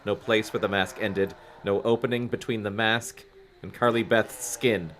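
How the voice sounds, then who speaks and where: A man's voice: on the low side, steady tone, moderate pace, a bit bright, a little hiss or hum. A man hosting a comedic book-reading podcast, reading aloud with jokey asides, over a video call. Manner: jokey asides between read passages. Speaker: podcast host and reader.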